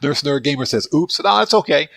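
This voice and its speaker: A man's voice: a little high, animated, fairly quick, vocal fry, fairly bright tone, no echo. A man from Baltimore with a Northeastern American accent, casually chatting with viewers while hosting a gaming livestream. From Baltimore, Maryland, USA. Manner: chatty, answers viewers' chat with frequent restarts.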